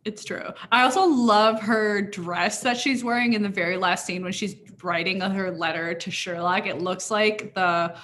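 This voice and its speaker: A woman's voice: mid-range voice, normal speed, hardly any pauses, fairly bright tone. A young woman in casual chat as a podcast co-host, talking with many fillers and frequent laughs.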